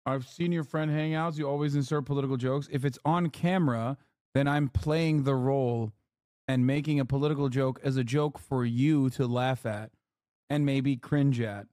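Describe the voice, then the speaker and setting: A man's voice: mid-range voice, steady tone, moderate pace, mellow, dry recording, studio quality. A male streamer chatting casually as he reacts to clips, sarcastic, profane and mocking. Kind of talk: casual chat.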